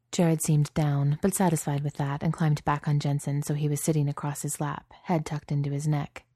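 A woman reading a story aloud in calm, even narration. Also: deep voice, normal speed, hardly any pauses, no echo, studio quality. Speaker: audiobook reader.

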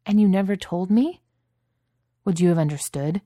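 A woman's voice: lowish voice, normal speed, dark tone, no echo, pitched above the performer's own voice, close to an everyday voice. A woman voicing an agitated, blunt young man in a storybook reading, speaking up in a raised, exasperated voice.

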